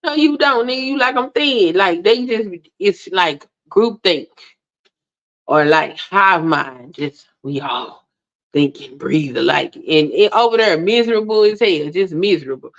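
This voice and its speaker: A woman's voice: fairly low pitch, expressive, measured pace. A woman hosting a livestream, ranting bluntly to her chat and swearing freely, with indignant peaks. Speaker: livestream host. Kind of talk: casual ranting monologue to a live chat. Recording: dull lo-fi stream audio.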